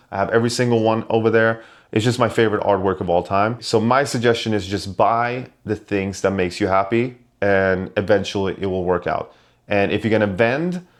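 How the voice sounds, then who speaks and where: A man speaks casually to his viewers about buying and selling trading cards, circling back and restarting his sentences as he goes. His voice sits a little low and his delivery stays loose and conversational throughout. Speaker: Pokemon card collector and vendor. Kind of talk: casual advice to camera.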